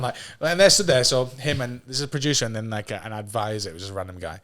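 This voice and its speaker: Talking very fast in a mid-range voice, this thirty-something man from England spins casual, animated stories as a podcast guest, cursing liberally and cracking himself up along the way.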